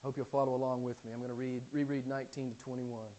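A male pastor preaching a sermon from the pulpit, repeating key phrases and swinging between loud emphasis and near-whispers. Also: mid-range voice, flat delivery, racing, hardly any pauses, rough recording. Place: church pulpit.

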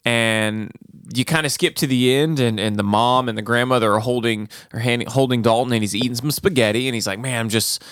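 A man's voice: medium pitch, brisk, clear, resonant tone, no echo, studio quality. A man on a casual podcast, tipsy from beer, animatedly retelling a horror film's ending and acting out the characters' lines. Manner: animated storytelling, acting out quotes. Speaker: podcast co-host. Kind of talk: casual movie recap chat.

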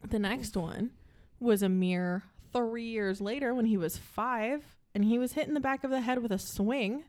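A woman's voice: on the high side, moderate pace, darkish tone. Woman, podcast host, casual true-crime chat, jokey asides, laughs a lot. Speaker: podcast host presenting the case.

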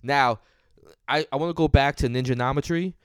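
A man co-hosting a casual album review chat, easygoing and quick to laugh along. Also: mid-range voice, clear, resonant tone, dry recording. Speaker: podcast co-host reviewing an album.

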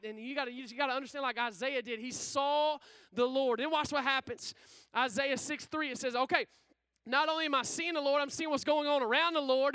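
A man's voice: extremely high pitch, clean tone, no room sound. A man preaching a sermon with energy and casual slang, calling out questions for the congregation to answer. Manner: energetic, call-and-response with the congregation.

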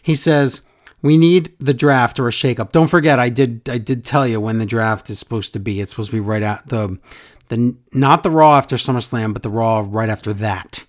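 A man's voice: mid-range voice, normal speed. A man hosting a casual podcast, chatting animatedly and reading listener emails aloud with jokes. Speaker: podcast host. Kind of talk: casual wrestling podcast chat.

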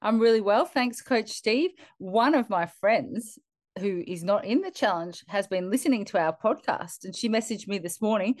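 A woman's voice: mid-range voice, expressive, normal speed, no echo, clean studio sound. A woman co-hosting a fitness podcast as a coach, bubbly and chatty. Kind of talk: casual podcast chat.

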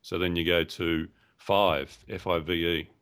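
A man's voice: low voice, steady tone, a little slow, fairly bright tone, clear, resonant tone. A man co-hosting a podcast over a remote call line, chatting in a playful, teasing way. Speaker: podcast co-host. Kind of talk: casual chat.

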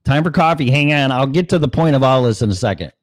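A man's voice: mid-range voice, expressive, fast, dry recording. A man hosting his own show, rambling in a profane, conversational way and asking rhetorical questions. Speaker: show host. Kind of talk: casual rambling monologue.

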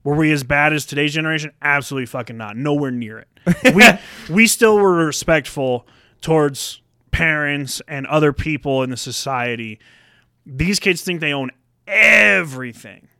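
A man's voice: on the high side, normal speed, clear, resonant tone, no echo, studio quality. Profane young man ranting on a podcast. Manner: profane, animated storytelling with acted-out quotes. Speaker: podcast co-host. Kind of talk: casual ranting chat.

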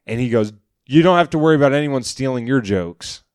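A man's voice: mid-range voice, brisk, no room sound, studio quality. A man, a comedian and podcast co-host, telling a story in casual chat, acting out quotes and swearing freely. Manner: animated storyteller, acts out quotes, swears a lot. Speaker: podcast co-host, stand-up comic.

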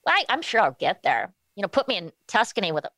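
A woman's voice: mid-range voice, very animated, sharp tone, no echo. Candid woman guest, dry close sound. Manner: candid, halting with many restarts. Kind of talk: casual interview talk.

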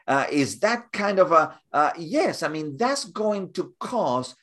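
A man talking as a guest in an interview, halting and repeating words as he builds up examples. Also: on the high side, sing-song, fairly bright tone. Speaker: guest speaker. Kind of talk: conversational interview.

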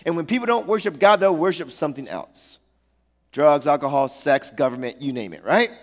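Animated high-voiced male pastor, echoey hall. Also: brisk. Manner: animated storytelling with playful asides and slang. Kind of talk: sermon.

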